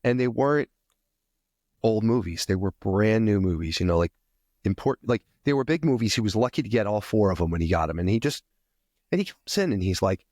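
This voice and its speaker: A man co-hosting a podcast, telling animated stories in casual chat and acting out the people in them. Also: lowish voice, a little fast, dry recording, clean studio sound. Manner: animated storyteller acting out customers. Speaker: podcast co-host.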